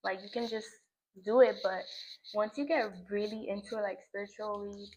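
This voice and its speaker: A young vlogger speaks at a moderate pace with a medium pitch and a steady, slightly mellow tone. Outdoors at a scenic sunset view, she gives a reflective, emotional, casual spiritual monologue to the camera in front of her, using lots of "like." The audio is poor.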